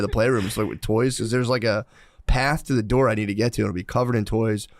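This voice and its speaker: A man in his thirties co-hosting a podcast, telling rambling, profane stories and now and then breaking into loud yelled impressions of himself. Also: lowish voice, fairly even intonation, quick pace, no room sound, studio quality. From Philadelphia area. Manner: profane, storytelling, bursts into yelling impressions. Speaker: podcast co-host. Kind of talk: casual chat.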